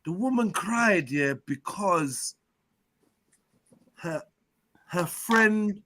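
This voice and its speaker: A man hosting a live-stream chat show, telling stories in an animated way, full of slang and swearing. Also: high voice, very slow, background noise. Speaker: host and personal trainer.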